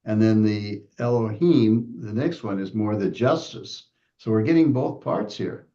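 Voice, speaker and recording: A man's voice: on the low side, measured pace, dark tone. A man taking part in an online class discussion, explaining a point after brief affirmations. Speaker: class participant. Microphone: video call. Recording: muffled video call audio.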